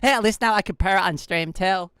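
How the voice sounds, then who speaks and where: A woman chatting casually on a live stream, excitable and giggly, saying "like" a lot. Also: mid-range voice, a little fast, clean tone, no echo, studio quality.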